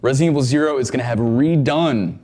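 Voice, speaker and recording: Rambling, excitable male podcast co-host. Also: medium pitch, quick pace. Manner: rambling, repeats words, enthusiastic about games. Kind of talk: casual chat.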